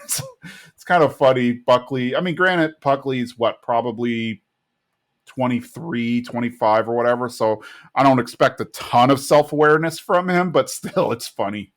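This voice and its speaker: Casual male co-host at medium pitch, retells episodes and slips into quick character bits. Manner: retells scenes, briefly mimicking characters' lines. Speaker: podcast co-host recapping episodes. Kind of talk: casual chat.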